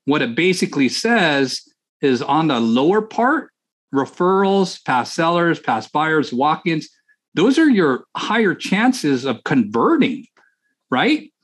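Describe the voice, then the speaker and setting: An energetic male host with a fairly high voice, chatting casually on a podcast. He talks in a lively, friendly way, laughs often and coaches his listeners on real estate. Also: slow. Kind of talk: casual chat.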